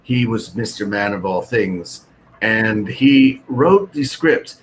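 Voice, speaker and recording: A man's voice: lowish voice, slow pace, a little hiss or hum, poor audio. A man who is a guest actor, chatting casually on a video call and telling self-deprecating stories with lots of energy. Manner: animated, self-deprecating storytelling. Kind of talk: casual chat.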